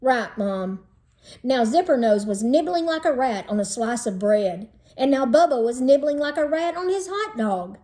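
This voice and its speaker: A woman teacher reading a children's chapter book aloud in an unhurried storytelling manner, slowing down over lists. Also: high-pitched, lively intonation, dark tone.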